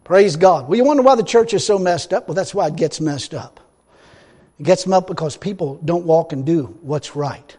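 High-voiced blunt folksy preacher man. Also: moderate pace, slightly rough. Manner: folksy, blunt preaching, swings from quiet asides to loud outbursts. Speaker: pastor. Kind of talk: sermon. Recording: long hall reverb.

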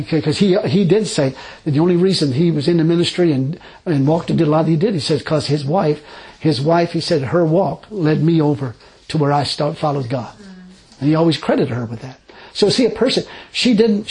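A married Christian man giving his testimony in a rambling, animated way, laughing often and acting out conversations. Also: a little high, a little fast, rough recording. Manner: animated, laughing storyteller who acts out dialogue; rambling with frequent restarts.

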